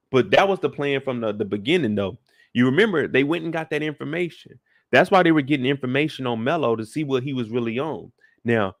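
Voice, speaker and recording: A man's voice: mid-range voice, no echo, studio quality. A man hosting a casual live recap of a TV episode, talking in a laid-back, slangy way with joking asides. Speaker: show recap host.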